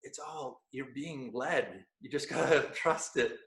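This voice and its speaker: A man guest on a podcast, telling a personal story with animated energy and frequent laughs, dropping to hushed tones for quoted lines. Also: mid-range voice, slow. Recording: roomy echo.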